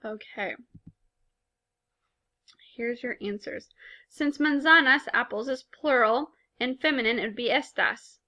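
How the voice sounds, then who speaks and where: A woman's voice: a little high, a little slow, pauses often, sharp tone. A woman teaching a recorded language lesson in a patient, explanatory way, speaking with casual fillers. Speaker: Spanish teacher.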